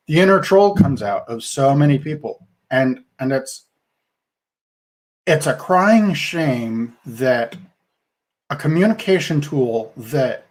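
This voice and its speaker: Guy on a podcast, talks slow, thoughtful, kinda restarts his sentences a lot. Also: fairly high pitch. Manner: thoughtful, measured, with frequent restarts. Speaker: podcast co-host. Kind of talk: casual podcast discussion.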